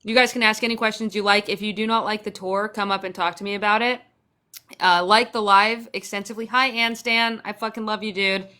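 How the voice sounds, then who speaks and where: A woman's voice: medium pitch, fairly even intonation, brisk, bright, forceful tone. Chatty young woman on a livestream. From Central Texas. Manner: chatty, sarcastic, swears casually. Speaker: livestream host. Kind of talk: casual livestream chat reading viewer comments.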